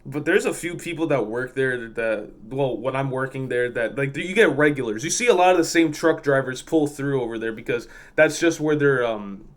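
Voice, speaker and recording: A man's voice: mid-range voice, normal speed, hardly any pauses. A man who works as a fuel pump attendant, telling work stories in a blunt, profane, exasperated way. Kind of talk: casual storytelling vlog.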